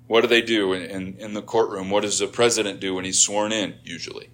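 Middle-aged male preacher, lower voice, conversational sermon with emphatic rises. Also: steady tone, a little fast, hardly any pauses, fairly bright tone, a little hiss or hum.

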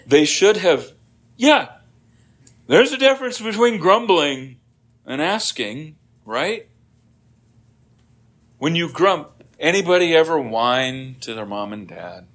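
Middle-aged male pastor, unhurried sermon delivery, dramatic quoted voices. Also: on the high side, sing-song, fairly bright tone. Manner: slow, dramatic preaching with voiced prayers and quoted grumbling.

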